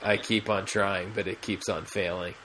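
A man's voice: low voice, flat delivery, normal speed, a bit bright, slight background noise. A man co-hosting a podcast in casual chat, rambling with many fillers and restarts. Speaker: podcast co-host.

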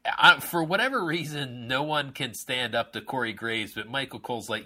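A man co-hosting a casual wrestling podcast chat, joking and swearing casually in a relaxed way. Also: medium pitch, moderate pace, few pauses.

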